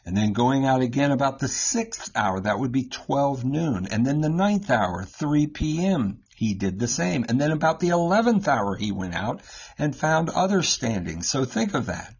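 Husky-voiced male Bible teacher, easygoing and step by step; dull, lo-fi sound. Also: medium pitch, very animated, moderate pace. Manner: explains step by step, keeps asking "right?". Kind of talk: conversational scripture teaching.

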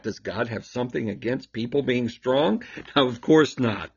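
A man's voice: medium pitch, moderate pace, husky, muffled recording. A man hosting a scripture reflection show, explaining Bible readings in an emphatic, preacherly way with rhetorical questions.

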